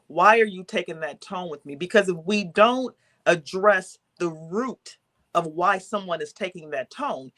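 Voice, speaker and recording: A woman's voice: on the low side, measured pace, a bit bright. A woman on a podcast explaining her view firmly, point by point, with rhetorical questions. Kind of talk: casual chat.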